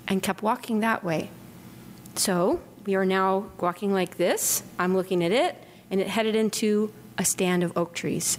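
A middle-aged woman from Southern California telling lively stories to an audience as an author giving a talk, acting out quotes with whispers. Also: medium pitch, moderate pace. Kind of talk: anecdotal storytelling to an audience. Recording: lecture hall with long reverb, faint noise.

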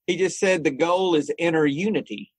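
A man hosting a casual online group discussion, relaxed and conversational, laughing easily. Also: a little high, normal speed, husky, dry recording. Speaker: host.

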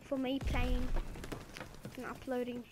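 High-voiced excitable gamer woman. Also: slow pace, noisy background. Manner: excitable, playful trash talk, sudden outbursts. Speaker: gaming video creator. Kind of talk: live game commentary. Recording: game sounds and music behind. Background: game music and gunfire.

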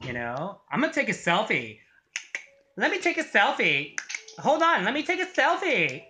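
A woman vlogging casually from her home on a phone held at arm's length, loud and giggly, with crude jokes and sudden shouts. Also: mid-range voice, huge pitch swings, moderate pace. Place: home, in a bedroom. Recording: echoey indoor room.

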